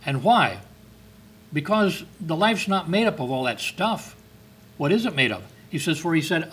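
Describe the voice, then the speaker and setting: Husky and a bit bright, the man's slightly high voice swings widely in pitch at an unhurried pace. He preaches conversationally, questioning his listeners rhetorically, rising for emphasis, and reading scripture in King James wording.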